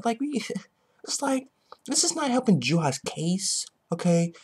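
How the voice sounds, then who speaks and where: A man with a husky, breathy voice rants through a comic-chapter reaction, cursing nonstop and doubling back on his words. He swings from loud outbursts to low mutters. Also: unhurried. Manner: excitable, heavily profane, repetitive. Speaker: manga chapter reviewer. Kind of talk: ranting reaction commentary.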